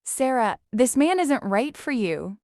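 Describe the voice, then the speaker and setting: A woman voicing a calm, stern, protective older brother in a spoken story, speaking quietly. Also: fairly high pitch, unhurried, no room sound, studio quality. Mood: calm, grave.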